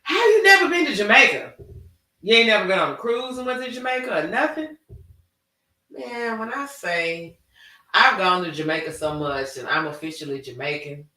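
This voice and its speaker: High, bright animated man in echoey room. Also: normal speed, distant mic. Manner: animated, drawling storyteller with Southern slang. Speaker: podcast host. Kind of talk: casual chat.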